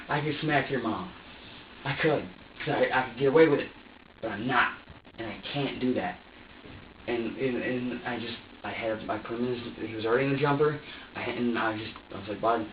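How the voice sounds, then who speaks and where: A man talks in an agitated, profane rush, halting and restarting as he recounts what happened. His voice sits at a middling pitch and is picked up from a distance. The low-fi recording is roomy and muffled, with faint noise underneath. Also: fairly even intonation. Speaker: suspect in an interrogation. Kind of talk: recounting events to an interviewer. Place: interrogation room.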